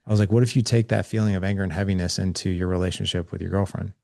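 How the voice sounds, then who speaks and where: A man's voice: deep voice, level tone, rapid-fire, vocal fry, dark tone, dry recording, clean studio sound. A man in his forties, a podcast guest, earnestly recounting a talk with his son and acting out both sides of the conversation. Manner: earnest, acts out quoted dialogue with his son. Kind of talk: candid conversational storytelling.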